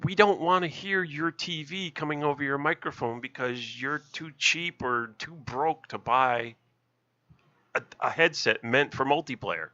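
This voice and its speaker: A man's voice: a little high, measured pace, pushed and bright, no echo, highs cut off. A man co-hosting a gaming podcast in casual chat, opinionated and explaining at length. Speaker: podcast co-host.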